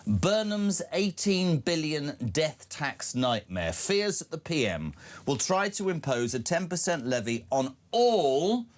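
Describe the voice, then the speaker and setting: A British man on talk radio with a lively, swooping voice that climbs and drops as he presses a point. He talks emphatically and speaks straight to his listeners. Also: slow pace. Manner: emphatic, sweeping pitch, addresses listeners directly. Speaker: radio host.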